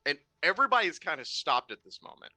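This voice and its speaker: A man's voice: fairly high pitch, very animated, quick pace, sharp tone, dry recording. A man narrating a tabletop game as game master, rambling through his descriptions. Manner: rambling, with many fillers and restarts.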